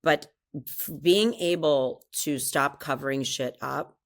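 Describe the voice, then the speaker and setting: Low-pitched woman guest mentor, lively storyteller who keeps chiming in. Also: takes it slowly. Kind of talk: casual conversation.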